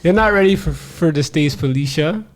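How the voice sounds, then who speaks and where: Teasing high-voiced man. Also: moderate pace. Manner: teasing, laid-back. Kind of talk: casual podcast banter.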